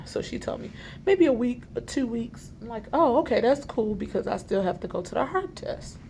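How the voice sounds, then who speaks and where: A woman vlogging from a hospital library, retelling a frustrating appointment in an animated, exasperated way and acting out the dialogue. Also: on the high side, a little fast, vocal fry, a little hiss or hum. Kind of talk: storytime vlog. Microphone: self-filmed camera.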